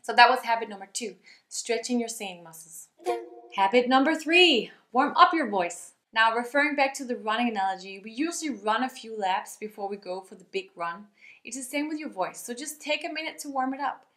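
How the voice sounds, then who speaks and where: A young woman teaching vocal health in a lively, upbeat way, talking straight to her viewers. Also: fairly high pitch, brisk, echoey room. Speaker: singing teacher.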